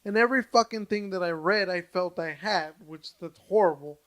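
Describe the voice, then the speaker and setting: A young adult man, a podcast co-host, in loose casual storytelling. His voice sits a touch high for a man, and he keeps swearing, stalling on "uh" and restarting his sentences. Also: moderate pace. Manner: animated, swears freely, many restarts and fillers.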